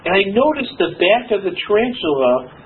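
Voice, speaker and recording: A man preaching a sermon at a church service, lively, mixing Bible readings with stories. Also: high voice, normal speed. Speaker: pastor. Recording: tinny phone-like recording with faint noise.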